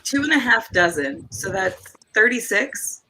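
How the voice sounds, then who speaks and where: A woman's voice: medium pitch, very animated, a little slow, pushed and bright, a little hiss or hum, low-quality recording. A woman on a video call reading a book aloud on a livestream, mocking it in a casual, jokey, swearing way. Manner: jokey, swearing, laughs often. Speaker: livestream reader.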